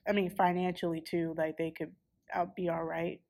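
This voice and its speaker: A woman's voice: on the low side, flat delivery, moderate pace, gravelly, darkish tone. A woman in her twenties chatting casually, telling a story and acting out what people said. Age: 20s. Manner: chatty storyteller, acts out quotes. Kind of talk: casual chat.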